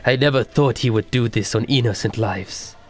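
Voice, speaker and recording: A man voicing a gloomy Frenchman with a put-on French accent, mournful and slow, in a tabletop game. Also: medium pitch, soft background music, close to an everyday voice. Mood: despairing.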